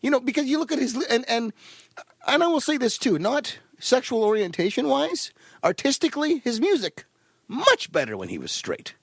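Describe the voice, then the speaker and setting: A man's voice: very high-pitched, wildly swooping pitch, moderate pace, gravelly, a bit bright, dry recording, clean studio sound. A man doing stand-up comedy with a rambling, meandering delivery full of fillers and his own laughs.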